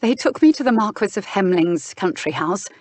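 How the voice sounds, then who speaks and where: Young woman, distraught actress, tearful, sharp outbursts, read by a woman narrator, dry audiobook sound. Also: medium pitch, lively intonation, normal speed, no echo, natural voice. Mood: hushed. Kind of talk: audiobook dialogue reading.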